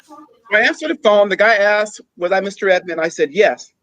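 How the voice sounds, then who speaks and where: A man earnestly telling a personal story, in a halting way with pauses and fillers. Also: high-pitched, animated, a bit bright, no room sound, rough recording. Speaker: guest sharing a personal story.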